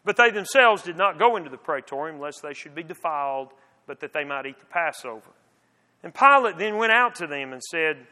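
A man reads scripture aloud with dramatic expression, his high, bright voice swinging widely in pitch. Each phrase hangs in a long hall reverb. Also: animated, fairly quick. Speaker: scripture reader.

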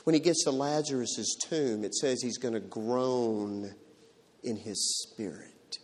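A man preaching a sermon in a dramatic way, swinging from loud to hushed. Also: mid-range voice, takes it slowly. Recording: long hall reverb.

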